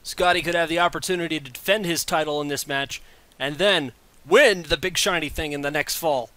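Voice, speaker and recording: A man calls a wrestling video game match in casual play-by-play, with a high, bright voice. He is excitable and jokey, laughing between calls. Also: a little fast. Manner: excitable, laughs often, stumbles over numbers.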